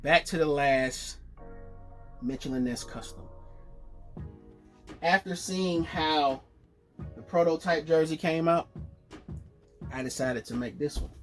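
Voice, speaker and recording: A man presenting his jersey collection in a casual vlog, chatty and excited, correcting himself as he goes. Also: a little high, takes it slowly, long pauses, faint music behind. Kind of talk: casual show-and-tell vlog.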